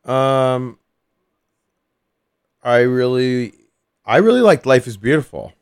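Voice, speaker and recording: A man's voice: mid-range voice, lively intonation, takes it slowly, smooth. A man who is a guest on a radio show, chatting hesitantly with dry humor. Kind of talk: casual chat.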